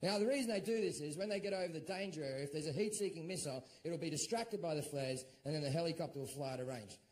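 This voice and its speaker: Profane Australian stand-up comedian, high voice. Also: male voice, quick pace. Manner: profane, animated, acts out shouted quotes. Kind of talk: stand-up storytelling.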